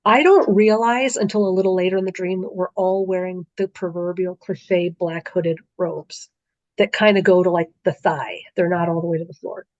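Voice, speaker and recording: A woman's voice: fairly low pitch, steady tone, moderate pace, a little mellow, dry recording. A middle-aged woman on a podcast as a guest, recounting a dream in vivid, conversational storytelling with frequent fillers, on slightly muffled audio. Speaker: podcast guest, author and speaker.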